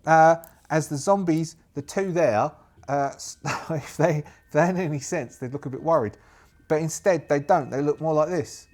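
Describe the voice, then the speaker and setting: A man's voice: a little high, normal speed, a little mellow. A man narrating a solo tabletop game, chatty and rambling, laughing to himself. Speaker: game master.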